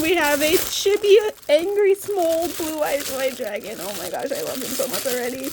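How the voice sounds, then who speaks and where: A woman chatting casually as she unboxes purchases, giddy and excitable, breaking into laughs and squeals. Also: sits high, normal speed, few pauses. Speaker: card artist unboxing purchases. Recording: noisy with crinkling packaging.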